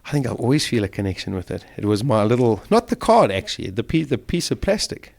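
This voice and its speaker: A man's voice: mid-range voice, big pitch swings, fast, creaky, a little mellow. A middle-aged man, a guest in an interview, vividly and emotionally retelling a survival ordeal. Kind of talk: storytelling in an interview.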